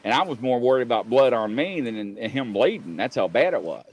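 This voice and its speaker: Animated man telling stories. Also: mid-range voice, fast, husky, poor audio. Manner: animated storyteller, acts out voices of others. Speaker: podcast co-host, former police officer. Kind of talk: casual storytelling chat.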